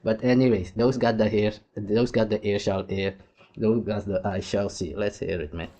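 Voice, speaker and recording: A man's voice: lowish voice, fairly even intonation, normal speed, warm tone. A man from Suriname, giving casual, rambling reaction commentary that often drifts and trails off. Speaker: host reacting to a clip.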